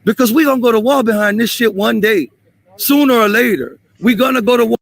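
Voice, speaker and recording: A man confronting police on a street, angry and profane, repeating himself and shouting at times. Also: very high voice, fairly quick, vocal fry, dry recording.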